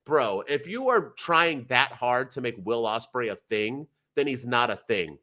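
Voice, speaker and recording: Animated, ranting male podcast host. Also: medium pitch, unhurried. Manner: animated, profane, ranting, mocks others in quoted voices. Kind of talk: casual chat.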